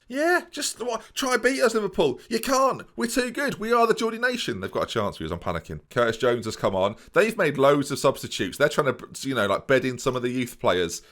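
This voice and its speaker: A man doing excitable let's play commentary, talking straight to his viewers with mock-boastful swagger. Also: medium pitch. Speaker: gaming YouTuber.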